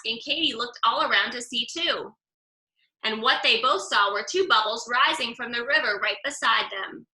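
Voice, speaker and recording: A woman reading a picture book aloud with lively, expressive storytelling. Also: on the high side, reverberant, rough recording. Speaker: storybook reader.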